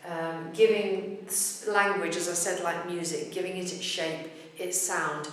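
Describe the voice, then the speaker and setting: A woman teaching pronunciation in a patient, measured way, slowing down to demonstrate words. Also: lowish voice, steady tone, slight background noise. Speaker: language teacher. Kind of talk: explanatory lesson. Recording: very echoey room, voice from far off.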